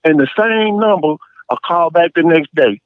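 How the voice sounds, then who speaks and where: A man calling into a podcast, telling stories in an animated, emphatic way. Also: a little high, normal speed, smooth, dry recording. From Champaign, Illinois area. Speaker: caller. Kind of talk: casual call-in chat. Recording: tinny dry phone line.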